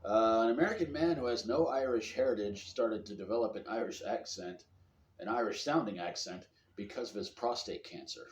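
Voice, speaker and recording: Hosting a relaxed comedy news podcast, this man speaks a little fast in a voice on the low side. He's sarcastic and jokey, with loud bursts of laughter, captured in an echoey room over a faint background hum.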